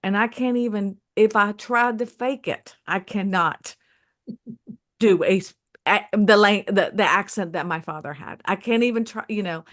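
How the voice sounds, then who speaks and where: A woman's voice: medium pitch, moderate pace, fairly bright tone. Southern American woman hosting a panel. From Mississippi, US. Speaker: host. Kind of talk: panel discussion.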